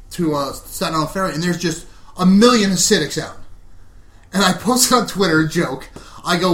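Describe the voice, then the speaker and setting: A man's voice: on the high side, a bit bright. A man in casual podcast chat, telling brash stories and acting out what people said. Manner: brash, boastful storyteller who acts out quotes. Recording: roomy room sound.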